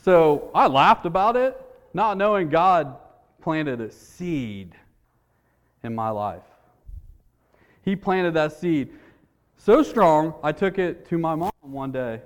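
A man's voice: a little high, expressive, slow, pauses often, long reverb tail. A man preaching a sermon in a church, in an earnest, conversational way, repeating his words as he tells a story.

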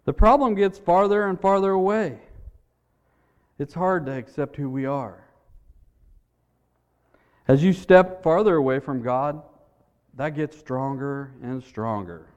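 A man's voice: fairly high pitch, measured pace, pauses often, darkish tone, clean tone, long reverb tail, muffled recording. A man preaching a sermon in a church, in an earnest, conversational way, repeating his words as he tells a story.

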